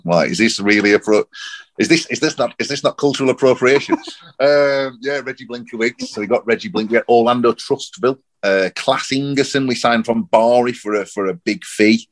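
A man, rambling and animated in casual football chat on a podcast. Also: lowish voice. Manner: rambling, animated, repeats himself. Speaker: podcast co-host.

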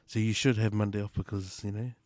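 A man's voice: fairly low pitch, little pitch movement, quick pace, darkish tone, no room sound. A man with a New Zealand accent in casual podcast chat, slangy, swearing and tagging lines with "eh". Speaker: podcast panelist.

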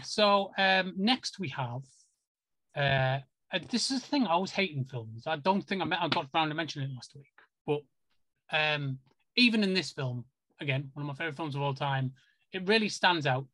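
A man's voice: on the high side, animated, moderate pace, pauses often, sharp tone, dry recording. A British man co-hosting a podcast, chatting casually about films with lots of fillers and restarts. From United Kingdom. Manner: chatty, hesitant, many fillers. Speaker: podcast co-host. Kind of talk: casual chat.

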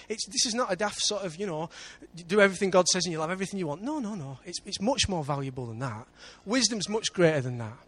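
A man with an English accent preaching a sermon in church, lively, with big swings between loud and quiet. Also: sits high. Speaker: pastor.

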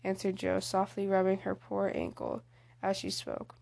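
A woman reading a classic novel aloud as an audiobook, with a gentle, unhurried manner. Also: medium pitch, sing-song, creaky. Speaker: audiobook reader.

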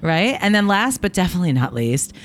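A woman's voice: fairly low pitch, sing-song, a little fast, a little hiss or hum. A woman hosting a casual podcast chat outdoors at her house, bubbly and laughing often. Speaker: podcast host.

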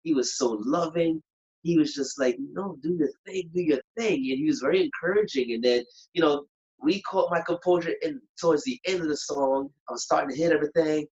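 A singer and performer telling a story in a lively, animated way, acting out moments and humming bits of songs. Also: male voice, a little high, brisk. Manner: animated, acts out moments, sings snippets. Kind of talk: casual storytelling. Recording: dull lo-fi sound.

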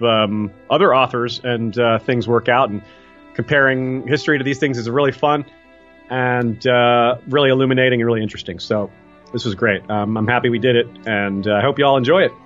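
A man's voice: mid-range voice, fairly bright tone, highs cut off. A man guesting on a podcast, talking enthusiastically and rambling a little as he sums up. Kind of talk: casual podcast chat.

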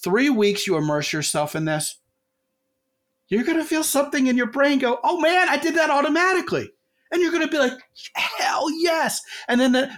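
A man hosting a podcast in casual chat, telling animated stories and acting out quotes in a raised voice. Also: high voice.

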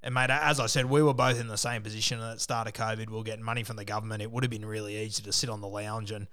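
A man's voice: lowish voice, flat delivery, very fast, a bit bright. An Australian man chatting casually in a home studio, friendly and encouraging, wrapping up an interview.

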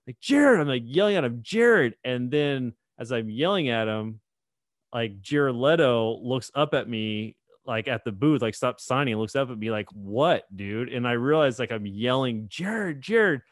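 A man's voice: mid-range voice, normal speed, no room sound, clean studio sound. A man co-hosting a podcast, telling a rambling anecdote in casual chat, with many restarts and bursts of laughter. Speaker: podcast co-host.

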